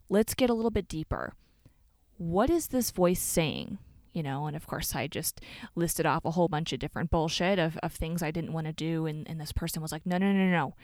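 Woman podcaster, low-pitched, reflective and candid, dry close recording. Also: no echo. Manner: candid and reflective, with frequent restarts. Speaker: podcast host. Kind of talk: solo podcast monologue.

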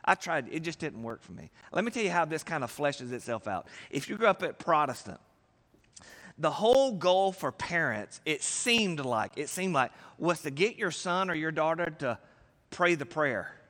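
The sermon comes from a pastor with a high voice, and the long reverb of a big hall rings around his words. Talking to the congregation like a conversation, he preaches with animation and slips into brief acted-out voices, swinging sharply in pitch and loudness.

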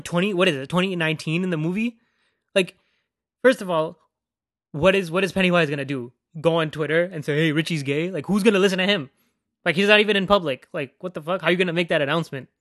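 A man with a fairly high voice rants casually as a podcast host. He rambles and swears freely, leaning on "like" between thoughts. The recording is dry and close, with no room sound. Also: a bit bright, no room sound. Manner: rambling, profane, heavy use of "like".

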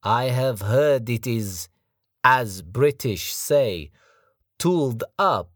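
A man voicing a huge, brash Mongolian enforcer who speaks slow, broken English with a mocking edge. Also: mid-range voice, lively intonation, a bit bright, dry recording, clean studio sound, pitched above the performer's own voice, exaggerated voice.

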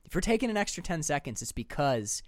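A man's voice: on the high side, very animated, quick pace, no echo, studio quality. A man co-hosting a casual movie chat podcast, talking with enthusiasm, rambling and laughing often. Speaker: podcast co-host.

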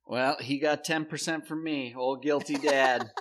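Profane middle-aged storyteller dad. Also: male voice, medium pitch, steady tone, measured pace, fairly bright tone. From South Dakota. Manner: profane, acts out his own past reactions. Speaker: podcast co-host. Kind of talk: casual storytelling chat.

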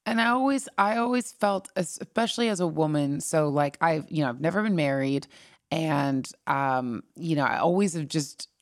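A woman from California, a singer-songwriter guest, rambling through animated stories in a casual interview. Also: low voice, normal speed, no room sound, studio quality.

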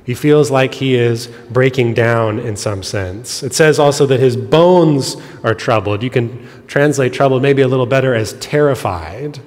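A man preaching a sermon, explaining scripture in an earnest way, his voice dropping soft and quiet on heavy moments. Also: medium pitch, measured pace, hardly any pauses. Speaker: pastor. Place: church sanctuary. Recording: long reverb of a church hall.

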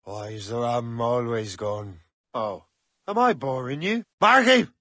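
A man's voice: mid-range voice, animated, unhurried, pushed and bright, dry recording, clean studio sound. An actor voicing a brash male sea captain in a video game, with an exaggerated put-on Irish accent and a theatrical, swaggering delivery.

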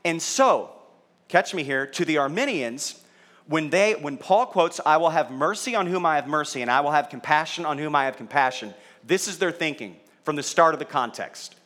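A man's voice: a little high, expressive, moderate pace, fairly bright tone. A middle-aged man, a pastor, teaching a sermon in a conversational way, checking in with his audience and teasing the room. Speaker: pastor teaching a Bible study.

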